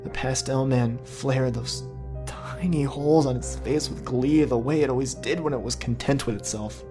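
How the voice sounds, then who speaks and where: A man reading a horror story aloud in a measured, somber tone. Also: medium pitch, over music. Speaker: narrator. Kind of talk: scripted horror story narration.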